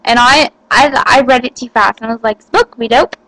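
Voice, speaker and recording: A woman's voice: a little high, steady tone, brisk, sharp tone, no room sound, poor audio. Giggly teenage girl, rambling. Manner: giggly, rambling with many fillers. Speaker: vlogger. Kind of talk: casual chat to camera.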